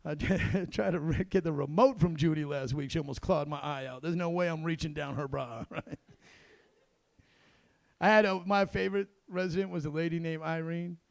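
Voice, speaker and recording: A middle-aged man doing a stand-up comedy set in a comedy club, telling gruff, self-deprecating stories with quick asides. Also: a little high, fairly even intonation, no echo.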